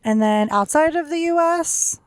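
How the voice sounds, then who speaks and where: A woman's voice: high-pitched, animated, measured pace, dry recording. A young woman co-hosting a podcast in casual chat, chatty and laughing often, with lots of "like" fillers. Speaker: podcast co-host.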